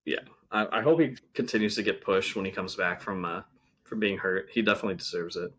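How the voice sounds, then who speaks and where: A man's voice: fairly low pitch, fairly quick, fairly bright tone, slightly rough. A man co-hosting a podcast, casually reviewing wrestling shows with lots of ums and restarts. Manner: rambling, frequent ums and restarts. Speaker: podcast co-host.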